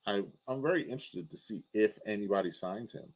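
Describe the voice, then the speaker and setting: A man co-hosting a sports podcast, asking questions in a relaxed way. His voice is low but moves around a lot in pitch. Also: a little fast, a loud crowd, poor audio. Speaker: podcast co-host. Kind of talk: casual sports chat.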